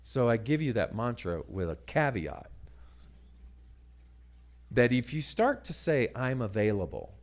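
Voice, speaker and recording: A man telling a story as a sermon, dramatic and animated, dropping to hushed asides. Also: mid-range voice, measured pace, pauses often. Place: church sanctuary.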